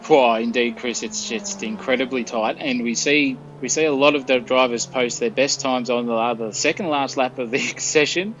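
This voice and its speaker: A man's voice: mid-range voice, moderate pace, few pauses. Jokey co-commentator man, dull line. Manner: jokey, excitable. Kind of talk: live race commentary. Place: hotel room.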